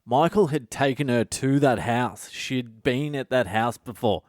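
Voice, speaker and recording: A comedian tells a story on his solo podcast from home at night, blunt and profane, tossing in sarcastic asides. His medium-pitched voice is unhurried and a little mellow, captured in clean studio sound with no room tone.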